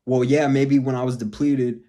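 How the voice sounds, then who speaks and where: A man's voice: mid-range voice, level tone, normal speed, warm tone. Man, vlogger. Blunt, profane, emphatic motivational rant.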